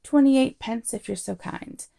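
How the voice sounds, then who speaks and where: A woman's voice: a little high, a little slow, creaky, dark tone, pitched above the performer's own voice. A woman reading aloud and voicing a polite, deferential male barman who calls his customer sir.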